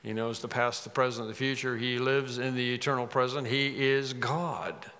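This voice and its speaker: A man delivers an expository sermon at a middle pitch, his voice trailing off into the long reverb of a large hall. He builds to sudden, emphatic rises whenever he quotes scripture. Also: steady tone, normal speed, sharp tone. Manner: expository preaching, dramatic rises when quoting scripture. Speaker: preacher.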